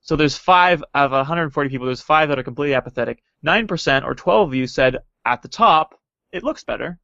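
A man's voice: a little high, animated, fairly quick, gravelly, sharp tone, dry recording. Playful man co-hosting a podcast. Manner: playful, reads out poll results. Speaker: podcast co-host. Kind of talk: casual tech podcast chat. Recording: dull lo-fi dry sound.

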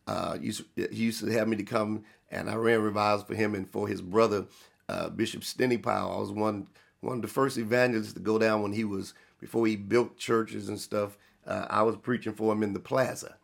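A male pastor preaching a sermon, with sudden loud emphatic rises and slow drawn-out stresses. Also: fairly low pitch, vocal fry.

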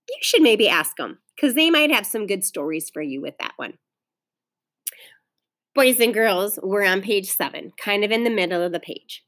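A woman teacher reading a children's novel aloud to her class, pausing to talk to the children. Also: mid-range voice. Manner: expressive storytelling, pauses to explain to children.

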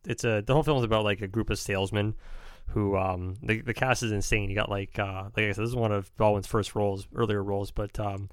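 A man's voice: on the low side, fairly even intonation, quick pace, smooth, dry recording. A young man rambling casually about favourite film scenes as a podcast host, with lots of "like" and restarts. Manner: rambling, restarts often, uses "like" a lot. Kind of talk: casual chat.

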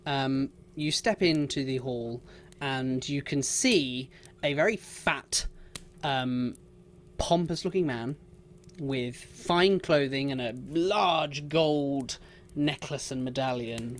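A game master narrating a tabletop game, pausing often with ums as they describe scenes. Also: mid-range voice, a little hiss or hum. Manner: hesitant, many ums while describing.

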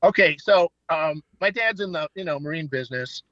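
Male guest, animated storyteller who swears freely, heard over a muffled call. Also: fairly high pitch, normal speed, dry recording. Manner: animated, swearing, acts out quotes. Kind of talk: casual storytelling. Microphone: phone line. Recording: dull phone-line audio.

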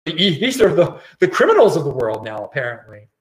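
A man's voice: a little high, very animated, brisk, echoey room. A man hosting his own show, ranting in casual commentary and often repeating and restarting words. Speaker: show host.

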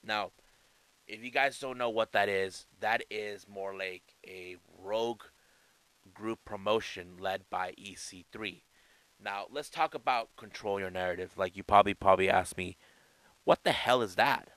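A man's voice: lowish voice, normal speed, fairly bright tone, smooth, rough recording. A man giving casual wrestling news commentary in a chatty way, often restarting and adding asides.

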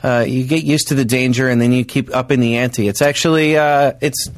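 A man co-hosting a comedy podcast, riffing crudely and rambling through lots of filler pauses. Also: medium pitch, steady tone, dry recording. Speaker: podcast co-host.

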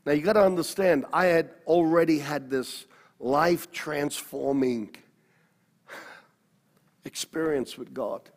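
A man's voice: on the high side, a little slow, pauses often. A man, a pastor telling his personal story in an interview, earnest and often correcting himself. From Australia. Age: 60s. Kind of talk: personal testimony. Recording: long hall reverb.

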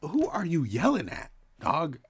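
A man's voice: a little high, wildly swooping pitch, measured pace, breathy edge. A man co-hosting a podcast, joking around in casual chat. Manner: jokey, playful. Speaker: podcast co-host.

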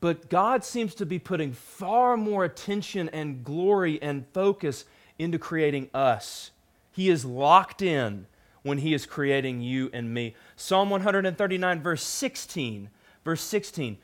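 A young adult man preaching a sermon, casual and animated, with frequent fillers and quick asides to the audience. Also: a little high. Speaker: pastor.

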